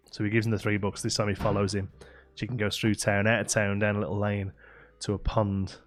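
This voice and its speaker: A man's voice: on the low side, flat delivery, brisk. A man hosting a live late-night game stream, chatting casually with viewers, rambling with lots of fillers and laughing often. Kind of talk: casual chat to a live audience. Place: home streaming setup with a green screen.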